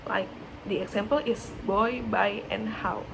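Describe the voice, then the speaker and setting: A woman's voice: medium pitch, steady tone, measured pace. A young woman student explaining a lesson hesitantly, with many fillers and repeated example words. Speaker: student presenter. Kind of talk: explaining in a class presentation. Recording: clear background hiss.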